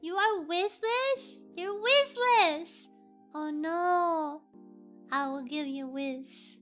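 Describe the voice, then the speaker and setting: Level: bumbling lisping cartoon hunter as a streamer puts him on. Pitch: very high. Pace: slow. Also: fairly bright tone, faint music behind, heavily acted. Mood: teasing. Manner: lisping r-to-w speech, slow and earnest. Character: cartoon hunter with a lisping wabbit-style speech, adult man, bumbling. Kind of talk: live stream voice impression.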